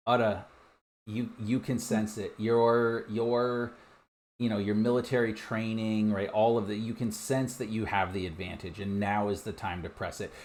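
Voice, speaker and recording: A man's voice: lowish voice, level tone, normal speed, a little mellow. Rambling male game master. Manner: rambling, with many "you know" asides. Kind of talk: narrating a tabletop game.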